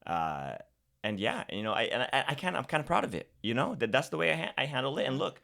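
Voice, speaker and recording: A man's voice: medium pitch, big pitch swings, quick pace, gravelly, bright, forceful tone. A man, a podcast guest, talking casually and at length, often restarting and repeating words. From California's Central Valley. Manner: talkative, frequent restarts and repeats. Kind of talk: casual conversation.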